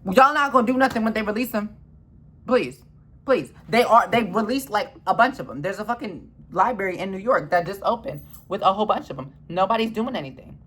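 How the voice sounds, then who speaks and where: A woman in an impassioned, swearing rant who repeats herself and swings between loud outbursts and low mutters. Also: animated, brisk, breathy edge.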